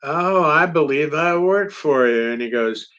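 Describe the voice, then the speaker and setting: Here the same kind of middle-aged comedian guest speaks a little high and at a measured pace, his tone bright and forceful. Telling a story in a podcast interview, he performs the dialogue he quotes, all captured in dull lo-fi audio.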